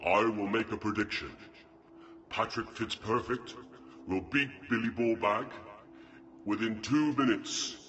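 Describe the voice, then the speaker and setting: A man voicing a solemn male wizard who announces prophecies in a grave, deliberate way. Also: lowish voice, steady tone, a bit bright, dull audio, a little hiss or hum. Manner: slow, grave, announcing pronouncements.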